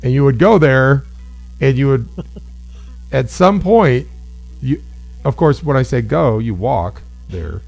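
A man chatting casually, rambling through a story with a gravelly edge to his voice. He acts out the people he quotes, and faint music plays quietly underneath. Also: medium pitch, lively intonation, takes it slowly, pauses often. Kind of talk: casual chat.

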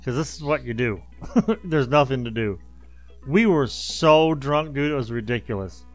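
A man's voice: medium pitch, expressive, moderate pace, soft background music. A man in his thirties in casual chat, telling a story and laughing through it.

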